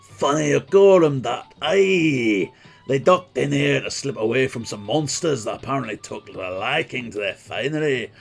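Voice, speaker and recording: A man putting on a gruff Scottish innkeeper. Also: medium pitch, expressive, moderate pace, faint music behind. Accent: put-on Scottish. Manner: exaggerated, rolling brogue. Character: gruff retired male innkeeper, stubborn.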